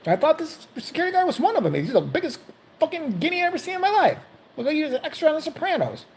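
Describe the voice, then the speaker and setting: A woman vlogger telling a story in a casual, profane, animated way, jumping into other people's voices. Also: high-pitched, very fast, slight background noise.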